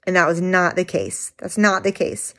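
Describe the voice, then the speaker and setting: A woman's voice: on the low side, steady tone, moderate pace, fairly bright tone. A young adult woman telling other mothers, earnestly and candidly, about her own hard first year as a mom, with many fillers and restarts. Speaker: mom sharing her experience. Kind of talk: personal talk to the camera.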